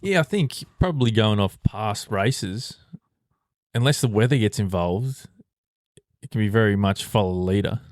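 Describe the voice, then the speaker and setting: A man with a fairly low voice co-hosts a podcast in loose, casual chat. He swears freely and laughs often. The recording is dry and close. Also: expressive, moderate pace, no room sound. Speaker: podcast co-host.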